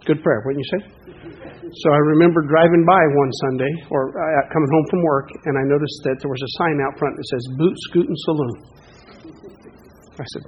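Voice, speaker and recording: A middle-aged man preaching a sermon as pastor, telling a story in a folksy, animated way that rises with excitement. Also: a little high, a little fast, a little hiss or hum. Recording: dull lo-fi recording.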